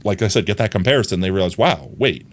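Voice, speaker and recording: A man's voice: low-pitched, expressive, quick pace, slight background noise. A man live streaming from his own room, rambling casually and speaking straight to his chat.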